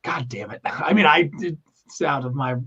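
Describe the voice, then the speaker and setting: A man with a Philly accent rambles through crude podcast banter, his fairly high voice full of gravelly fry. He swings from loud excited bursts to quiet mutters. The audio sounds dull and lo-fi. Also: measured pace. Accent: Philadelphia. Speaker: podcast co-host.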